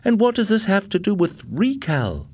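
A man's voice: high-pitched, very animated, normal speed, a little mellow, voice pushed up, exaggerated voice. A man reading aloud and voicing a frightened, confused man whose voice shakes as he doubts his own memories. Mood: defiant. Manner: shaky, desperate.

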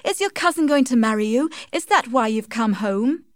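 A poor country mother, as a woman reader puts her on, eager and motherly, her voice jumping high with questions. It sounds dry and close to the mic. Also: expressive, moderate pace, no room sound, natural voice.

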